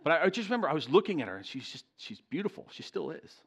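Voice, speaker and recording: A man's voice: a little high, very fast, husky. A middle-aged man preaching to a live congregation in a church, telling a personal story in a self-deprecating way and often asking the listeners questions. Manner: animated, self-deprecating, talks straight to the congregation. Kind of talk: storytelling sermon.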